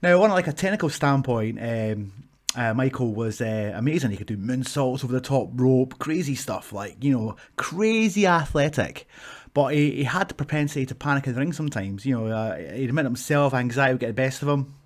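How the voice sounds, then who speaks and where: A Scottish man, a pro wrestler in his thirties, casually telling stories to camera, animated and swearing freely. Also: medium pitch, fairly quick. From Scotland. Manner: animated, swears freely, acts out shouts from the ring.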